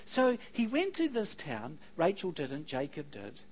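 A man preaching a sermon. His pitch leaps and falls as he acts out the stories he tells. He throws in quick joking asides to the congregation. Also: huge pitch swings, slightly rough, poor audio. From New Zealand. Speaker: pastor.

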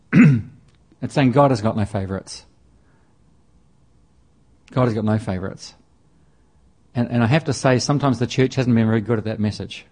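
A man's lowish, darkish voice carries a conversational sermon. As he reads scripture and explains it, he keeps restarting and repeating phrases.

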